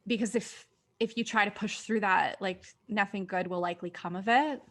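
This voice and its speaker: A woman's voice: medium pitch, normal speed, fairly bright tone. A woman co-hosting a casual conversation, thinking aloud in a reflective way and leaning on fillers like "like" and "you know". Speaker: co-host.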